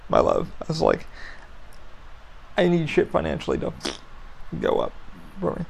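A man hosting a solo podcast, venting his frustration in a gravelly voice full of fry and heavy swearing. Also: on the high side, huge pitch swings, a little fast, a little mellow. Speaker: podcast host.

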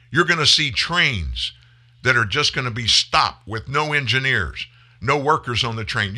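A male talk radio host delivers an impassioned monologue, speaking emphatically to listeners and calling them folks. His voice rises into loud bursts and then drops low again.

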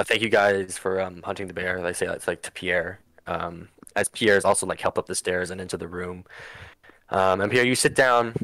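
Man running a tabletop game; low voice, dry close sound, meandering narration. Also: fairly bright tone, no echo. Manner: rambling, many fillers and restarts. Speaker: game master.

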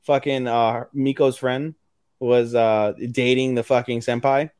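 A man in casual podcast conversation about anime, animated and profane as he retells scenes. His voice sits in a middle register and sounds dry and close to the mic, with no room around it. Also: mid-range voice, measured pace, clean tone, no echo. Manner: animated, swears often, acts out character quotes. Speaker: podcast co-host. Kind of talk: casual anime recap chat.

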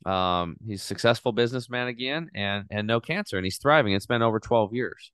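A middle-aged man telling his story in a casual, animated way as a podcast guest, swearing now and then. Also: on the low side, fairly quick, smooth, dry recording, clean studio sound.

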